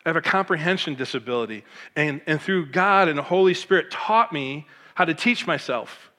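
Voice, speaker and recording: Animated man telling his testimony. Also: on the high side, normal speed, in a large hall. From Michigan, USA. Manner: animated, emotional, acts out quoted voices. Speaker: pastor. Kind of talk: personal testimony storytelling.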